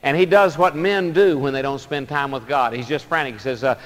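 A male pastor preaching a sermon, telling stories dramatically and swinging between loud emphasis and soft asides. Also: medium pitch, fairly quick, long reverb tail.

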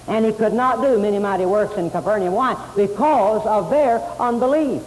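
High-voiced man preaching in an echoing hall. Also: expressive, normal speed, few pauses. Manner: emphatic, repeats key phrases, quotes scripture. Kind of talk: sermon. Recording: hissy tape in a long-reverb hall.

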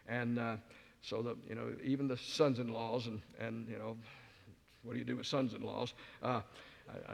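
A man's voice: mid-range voice, vocal fry. Older man telling folksy sermon stories. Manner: folksy storyteller, self-mocking jokes. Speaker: guest speaker. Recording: reverberant hall.

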